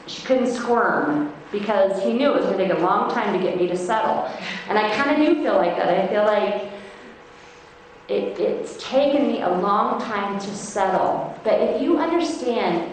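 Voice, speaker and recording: A middle-aged woman from Iowa giving a devotional Bible talk at a women's conference, speaking earnestly and slowing down to read verses. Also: mid-range voice. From Iowa, United States. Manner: earnest, emphatic, reads verses slowly; self-described feisty. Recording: very echoey hall, faint noise.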